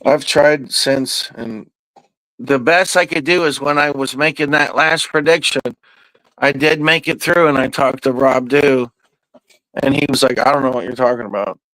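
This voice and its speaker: A man's voice: mid-range voice, fairly even intonation, measured pace, pushed and bright, dry recording, low-quality recording. Profane, rambling male podcast host. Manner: profane, loose and meandering, with drawled asides. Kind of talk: casual rambling storytelling.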